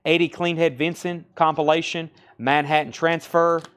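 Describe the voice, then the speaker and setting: A man from Tennessee with a Southern accent, hosting a live record sale and briskly calling out titles, prices and buyers. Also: fairly high pitch, level tone, fairly bright tone, smooth. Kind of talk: live-stream sales patter.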